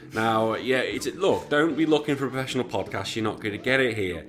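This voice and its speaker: A man's voice: medium pitch, brisk, few pauses, over music. A British man hosting a casual gaming podcast, ranting animatedly into his microphone and swearing freely. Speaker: podcast host.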